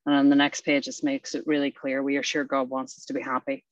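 A meeting host who warmly thanks the speaker, then reads a passage aloud with devotion. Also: medium pitch, completely flat delivery, fast talker, no echo, muffled recording. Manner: warm and effusive, devout.

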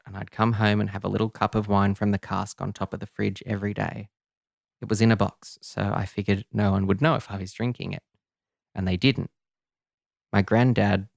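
A man narrating a first-person audio serial in a quiet, confessional, measured way. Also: lowish voice, gravelly, no echo, clean studio sound. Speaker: narrator and writer.

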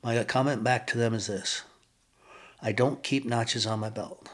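An older man, a podcast guest, telling his personal recovery story in an earnest, reflective way with frequent pauses. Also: medium pitch, fairly even intonation, fairly bright tone.

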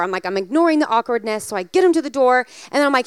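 Woman preacher, high voice, dry close sound, animated storytelling, emphatic sermon delivery. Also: fast talker, hardly any pauses, clean tone, dry recording.

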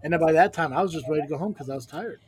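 Male podcast host, slightly high voice, casual joking delivery, often sounds exasperated. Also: racing. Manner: joking, exasperated, mutters "Jesus". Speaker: podcast host and wrestling commentator. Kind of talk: casual live-stream chat.

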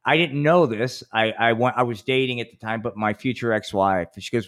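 A man's voice: fairly low pitch, brisk, hardly any pauses. A man in his fifties, a podcast co-host telling rambling, profane stories in casual chat and acting out quotes in a raised voice. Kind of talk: casual storytelling.

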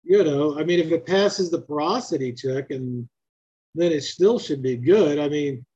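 A man with a high, husky voice rambles through his point with plenty of fillers. He comes through on dull, muffled lo-fi call audio. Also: normal speed, dark tone. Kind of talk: casual chat.

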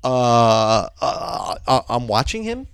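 A man telling a story in casual talk, animated and swearing often, acting out other people's voices. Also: medium pitch, slow pace, gravelly, clear, resonant tone, no echo, studio quality.

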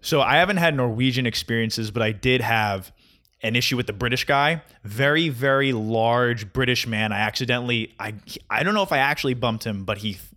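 A man's voice: medium pitch, brisk. A young man, telling a story in casual, profane podcast chat. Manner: profane, laughing, animated storytelling.

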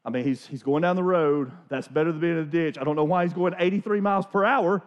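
A man in his forties preaching a sermon as a pastor, telling stories in an animated, conversational way with many restarts. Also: a little high, fast talker. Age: 40s. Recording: dull lo-fi recording.

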